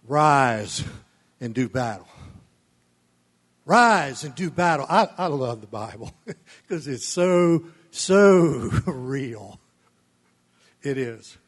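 Middle-aged preacher man, fairly high voice, folksy sermon delivery with chuckles and loud peaks. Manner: folksy storytelling, frequent chuckles, swells loud on key phrases.

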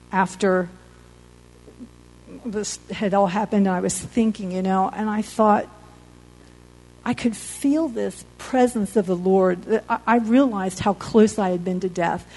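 Mellow-voiced woman sharing an earnest testimony. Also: mid-range voice, low-quality recording. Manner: earnest, halting, emotional storytelling. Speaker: accident survivor giving testimony. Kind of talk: personal faith testimony.

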